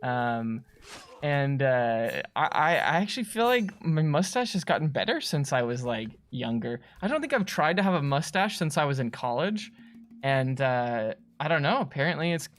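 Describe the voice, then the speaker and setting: A young man co-hosting a livestream in casual chat, reacting quickly and excitably. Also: mid-range voice. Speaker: livestream co-host.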